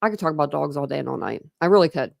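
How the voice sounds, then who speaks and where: A woman's voice: sits low, lively intonation, rapid-fire, creaky, darkish tone, no echo, studio quality. A woman hosting a true crime livestream, chatting casually with viewers, rambling and laughing often.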